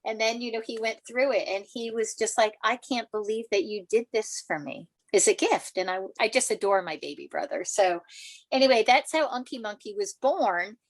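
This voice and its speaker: An older woman, a children's author, telling stories in an interview, animated and laughing, acting out quotes in a higher voice. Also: moderate pace, no room sound. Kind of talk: storytelling in a podcast interview.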